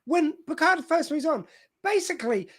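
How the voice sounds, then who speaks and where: A man co-hosting a podcast in casual chat, animated, cutting in and acting out quotes. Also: extremely high pitch, normal speed. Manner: animated, interrupts, acts out quotes. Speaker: podcast co-host.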